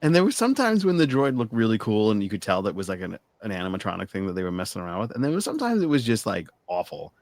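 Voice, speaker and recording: Man, podcast co-host, animated pitch, dry close sound. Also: fast talker, few pauses, dry recording. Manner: chatty, laughs easily. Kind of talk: casual chat.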